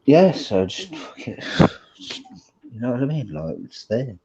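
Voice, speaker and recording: A man's voice: medium pitch, very animated, measured pace, warm tone. A man in a casual group chat, talking bluntly and swearing freely. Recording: dull lo-fi audio.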